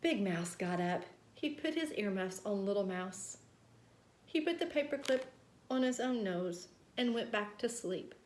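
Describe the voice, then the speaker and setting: Woman storyteller, slow unhurried bedtime read, higher voice, roomy echo. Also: lively intonation, slight background noise. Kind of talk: children's read-aloud.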